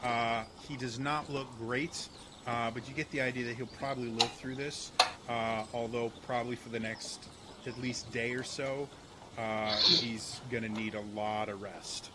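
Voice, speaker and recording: A man narrating as game master in a laid-back, halting way. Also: mid-range voice, fairly even intonation, heavy background noise.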